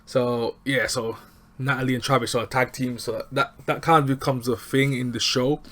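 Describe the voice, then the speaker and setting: A man with casually recapping a TV episode, animated and chatty, acting out lines from scenes. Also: mid-range voice, normal speed. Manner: animated, chatty, acts out quotes. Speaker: TV show reviewer.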